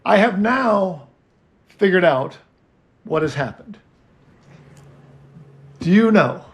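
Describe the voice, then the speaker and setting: A man's voice: high voice, animated, takes it slowly. A man co-hosting a casual chat, telling a story and acting out both sides of his phone calls. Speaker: podcast co-host.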